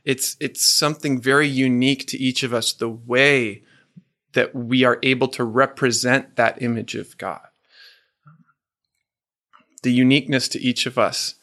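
A man coaching a men's group in a faith talk, earnest and gentle, reading out the men's answers and slowing down for the words he quotes. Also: medium pitch.

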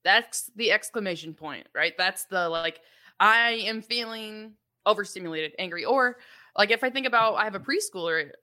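A woman's voice: mid-range voice, normal speed, sharp tone. A young adult woman co-hosting a parenting podcast, explaining things in a chatty, casual way with frequent laughs and fillers. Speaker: podcast co-host.

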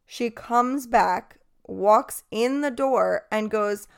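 A young woman hosting her own podcast, swearing freely as she tells an exasperated work story. Her voice is clear and smooth, and she talks casually and bluntly. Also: a little high, extremely slow. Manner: profane, exasperated. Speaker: podcast host and bartender.

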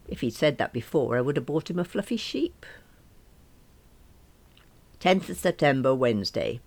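A woman in her late forties reads a first-person diary story with wry, dry humour. Her voice is low, yet her intonation moves a great deal, rising and dipping as she tells it. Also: lively intonation, normal speed, pauses often, darkish tone. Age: late 40s. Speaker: narrator. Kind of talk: first-person audiobook reading.

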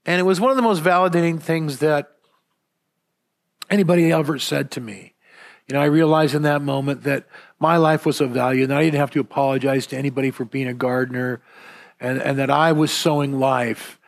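A pastor delivers a conversational sermon in a fairly high, creaky voice at a quick pace. He tells personal stories in a relaxed, rambling way with gentle self-deprecating humor, full of fillers and restarts.

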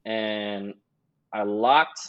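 A man in his twenties, appearing as a podcast guest, spins a long, rambling story in casual chat, leaning heavily on "like" as filler. His voice sits lowish with a steady tone, and he talks very slowly. The recording has a slightly dull, lo-fi quality.

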